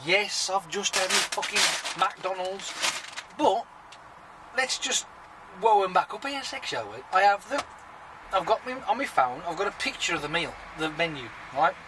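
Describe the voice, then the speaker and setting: A man's voice: high voice, big pitch swings, moderate pace, distant mic, noisy background. A man chatting casually to his viewers in a rambling, sweary vlog, talking freely. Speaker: vlogger.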